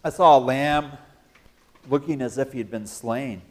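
A man preaching a sermon in church as pastor, joking with the congregation and breaking into sudden loud exclamations. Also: mid-range voice, measured pace. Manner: animated, jokey preaching with sudden loud bursts.

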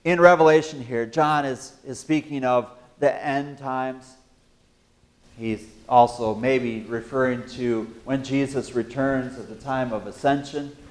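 Slow-talking, animated male pastor. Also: medium pitch. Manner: animated, jokey preaching with sudden loud bursts. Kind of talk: sermon. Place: church.

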